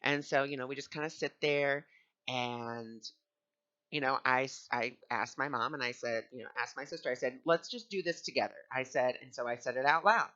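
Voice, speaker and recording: A man's voice: medium pitch, steady tone, moderate pace, pushed and bright, highs cut off. A man teaching on spiritual ideas and telling a personal story in an earnest, conversational way.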